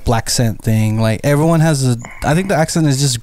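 A man's voice: mid-range voice, a little fast, darkish tone, a little hiss or hum. A man co-hosting a podcast, thoughtful and explaining with many "like" fillers. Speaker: podcast co-host. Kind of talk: casual podcast chat.

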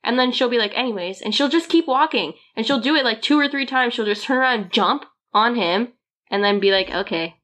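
A woman's voice: on the high side, fairly quick, fairly bright tone. A woman chatting casually and laughing, telling stories about her dog and voicing its thoughts. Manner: chatty, giggly, voices her dog's thoughts. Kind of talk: casual chat.

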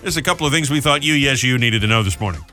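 A man's voice: medium pitch, lively intonation, rapid-fire, bright, forceful tone, soft background music. A man hosting a morning radio show, chatting casually and cracking jokes between community announcements in a studio. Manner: jokey, chatty storyteller.

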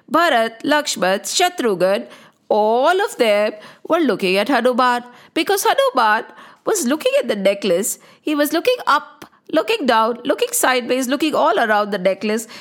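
A woman telling a story to children, animated and often stopping to ask them questions. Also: fairly high pitch.

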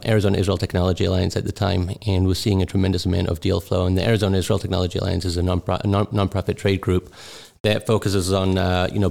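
Low gravelly man, rambling answers. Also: darkish tone. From England. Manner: rambling, many restarts and fillers. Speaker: guest venture capital partner. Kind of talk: conversational interview answers.

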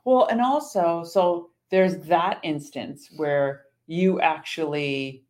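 A woman co-hosting a podcast, chatting casually and explaining her points in a measured way. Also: deep voice, a little mellow. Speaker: podcast co-host. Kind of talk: casual chat.

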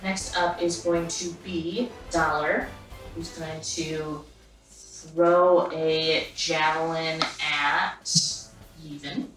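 A woman's voice: deep voice, level tone, very slow, fairly bright tone, soft background music. A woman running a tabletop game as game master, casual and laughing, describing hits vividly. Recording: roomy echo, far from mic.

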